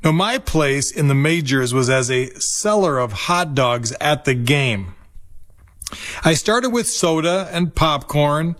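A man in his fifties, from Minnesota, with a voice pitched a little high. He reads a scripted personal story in a nostalgic, reflective way. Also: a bit bright. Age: 50s.

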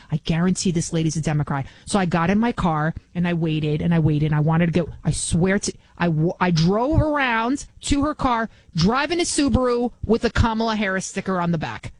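A woman's voice: fairly low pitch, darkish tone, no room sound, poor audio. A woman in her forties hosting a talk radio show, telling an indignant, ranting story. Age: 40s.

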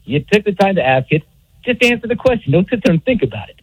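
A man's voice: high-pitched, big pitch swings, quick pace, breathy edge, no room sound, poor audio. A man calling into a radio show, chatty and full of hesitations. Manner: chatty, filler-heavy, hesitant. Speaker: caller. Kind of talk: call-in radio comment. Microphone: phone call.

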